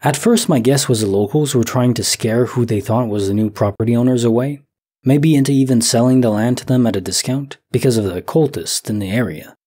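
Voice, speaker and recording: A man in his thirties, a sleep story narrator, musing slowly and softly as he comments on listener stories. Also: mid-range voice, breathy edge. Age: 30s. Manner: slow, soft, reflective, thinking aloud.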